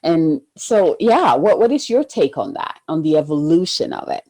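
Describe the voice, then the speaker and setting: A woman's voice: deep voice, very animated, moderate pace. A woman hosting a podcast interview in a casual way, who agrees often and asks open questions. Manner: warmly affirming, frequent agreeing replies. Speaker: podcast host.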